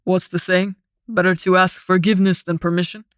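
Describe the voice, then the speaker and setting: A woman's voice: on the low side, little pitch movement, a little fast, dry recording, clean studio sound, lightly acted. A woman voicing a cocky male demi-angel warrior who answers radio calls in a cool, flippant way.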